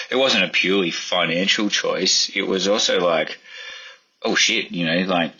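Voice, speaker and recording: A very low, husky man, middle-aged, chatting loosely with plenty of fillers. His tone is bright and forward, and the recording sounds a little dull and muffled. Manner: rambling, lots of fillers, acts out quotes in a higher voice. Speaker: chef and podcast guest. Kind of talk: casual interview storytelling.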